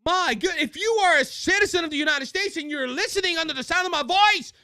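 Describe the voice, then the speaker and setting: Fiery high-pitched Cajun man ranting. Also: quick pace, pushed and bright, no room sound, clean studio sound. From Louisiana. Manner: impassioned, raises voice, repeats words as he restarts. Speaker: political show host. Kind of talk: political commentary rant. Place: studio with a monitor.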